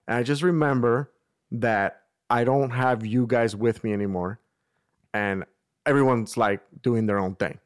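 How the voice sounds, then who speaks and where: A man's voice: mid-range voice, unhurried. Slangy, swearing young man telling a story. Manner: animated, swears freely, slangy, acts out quotes. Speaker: storyteller among friends. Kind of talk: casual storytelling chat.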